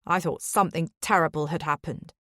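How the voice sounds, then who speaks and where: A woman's voice: sits low, fairly even intonation, brisk, sharp tone, no room sound, clean studio sound. A woman voicing a brusque, dismissive older husband in an audiobook, speaking curtly and matter-of-factly. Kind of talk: audiobook character voice.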